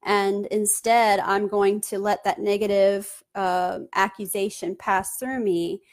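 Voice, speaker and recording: A woman's voice: mid-range voice, level tone, slow. A woman hosting her own channel, talking through advice in an earnest, conversational way with many fillers. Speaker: channel host giving advice. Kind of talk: casual advice talk to camera.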